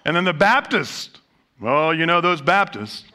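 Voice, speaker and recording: A man's voice: fairly high pitch, big pitch swings, unhurried, pushed and bright. A man preaching a sermon, telling humorous stories and asking rhetorical questions of his congregation. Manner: storytelling with jokes and rhetorical questions. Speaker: pastor. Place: church sanctuary.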